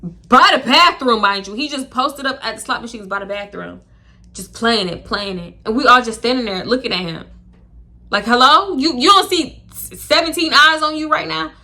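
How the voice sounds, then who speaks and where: A woman's voice: fairly high pitch, moderate pace. A young woman telling a casual, slangy story to camera and acting out the people in it. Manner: animated, slangy, swearing, acts out voices. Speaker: storytime vlogger.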